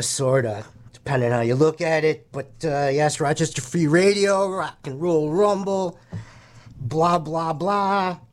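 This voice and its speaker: A man hosting a local radio show, rambling and joking irreverently through sponsor reads. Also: mid-range voice. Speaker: radio host. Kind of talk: casual radio banter.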